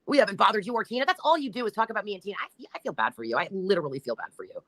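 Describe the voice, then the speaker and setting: A woman host fires back at her chat at a quick clip. Her voice jumps up and down as she mocks and taunts, swearing freely. The sound is close and dry. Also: mid-range voice, sing-song, fairly bright tone, no room sound. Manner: taunting, mocking, profane; reads out and answers chat comments. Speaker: livestream host. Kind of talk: commentary on livestream chat.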